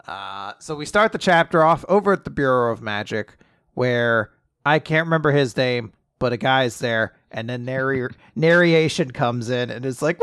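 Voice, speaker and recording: A man co-hosting a casual chat, recapping a comic chapter and acting out the characters in quick voices. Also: mid-range voice, clean tone, no echo, studio quality. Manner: animated retelling, acts out characters in quick voices. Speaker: podcast co-host.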